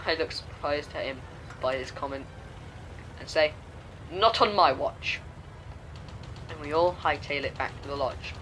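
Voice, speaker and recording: A young man reading his own homemade diary story aloud, halting often and restarting words. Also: on the high side, fairly even intonation, fairly bright tone, a little hiss or hum, low-quality recording. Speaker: story reader and channel host.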